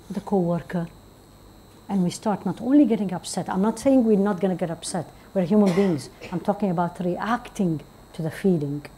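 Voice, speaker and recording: Woman, religious teacher; warm, breathy tone, earnest, quizzes the room. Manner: earnest, questioning the audience, rising to emphatic high points. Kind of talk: religious talk to women. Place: community centre hall.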